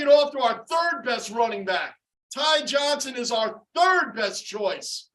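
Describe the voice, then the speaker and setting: A man hosting a fan livestream, calling plays and ranting at his team in frustrated, shouted commentary. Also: very high-pitched, animated, measured pace. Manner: frustrated, shouting play-by-play and rants. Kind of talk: live fan reaction commentary.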